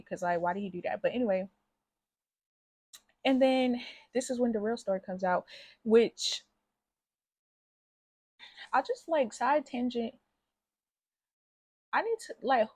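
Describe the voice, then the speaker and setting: A woman's voice: mid-range voice, darkish tone, no echo. A woman recapping a film in a casual, slangy, chatty way, hosting her own channel. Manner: slangy, chatty, acts out characters' lines. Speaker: movie reviewer.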